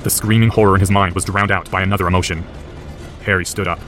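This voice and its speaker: A man's voice: deep voice, steady tone, fast talker, fairly bright tone, faint music behind. A man narrating a story aloud as an audiobook, intense and driven. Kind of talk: audiobook narration of fan fiction.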